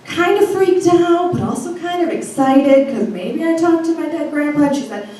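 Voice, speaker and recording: A woman's voice: high voice, moderate pace, mellow. A young woman telling a funny, profane personal story to a live audience, laughing as she goes. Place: live stage before an audience. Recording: echoey hall from far off, faint noise.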